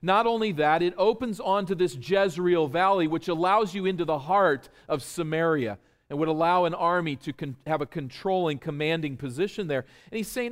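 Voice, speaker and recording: Higher-voiced man preaching emphatically. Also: moderate pace. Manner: emphatic, explains step by step, asks the listeners rhetorical questions. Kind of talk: expository sermon.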